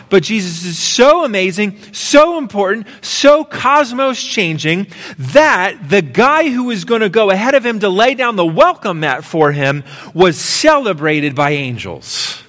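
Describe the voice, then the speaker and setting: A male pastor preaching with a high, emphatic voice. His words ring out with the long reverb of a big sanctuary. He drives each point home with urgent repetition. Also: a bit bright. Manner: emphatic preaching, voices the boy and mom in a story. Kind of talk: sermon. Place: church sanctuary. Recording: long reverb of a large hall.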